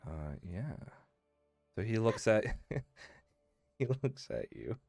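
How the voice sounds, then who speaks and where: A man's voice: lowish voice, big pitch swings, very slow, vocal fry, a little mellow, husky, no room sound, faint music behind. A man running a tabletop role-playing game as game master, casual with many fillers and laughs.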